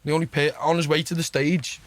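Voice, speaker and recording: A podcast guest from Liverpool, England, tells stories in his Liverpool accent, chatty and sweary, forever asking "do you know what I mean." His voice sits on the high side and moves at a quick pace, and he gets excited and laughs as he goes. The recording is dry.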